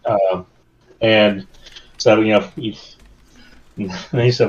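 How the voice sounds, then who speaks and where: A man's voice: lowish voice, fairly even intonation, slow pace. A man on a casual podcast, telling stories in a rambling, meandering way. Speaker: podcast co-host. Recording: dull lo-fi sound.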